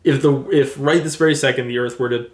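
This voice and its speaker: Male co-host, mid-pitched, an animated, thoughtful storyteller recorded in an echoey room. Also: quick pace. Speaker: podcast co-host. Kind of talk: casual chat.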